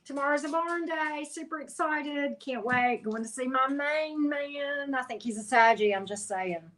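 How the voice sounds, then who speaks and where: A woman, a tarot reader chatting casually on a livestream, calling viewers honey and sweetie and greeting them by name. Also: mid-range voice. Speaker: tarot reader and channel host.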